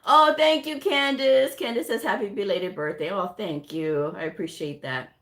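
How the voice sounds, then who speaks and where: A woman's voice: normal speed, hardly any pauses. A woman talks straight to her livestream viewers in a casual, blunt way. She lectures with tough love and now and then reads out chat messages. Her delivery is plain and unpolished, like an ongoing live chat. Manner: blunt, tough-love, mocks with high whiny voices; reads chat comments aloud. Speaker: livestream host and medical coding tutor.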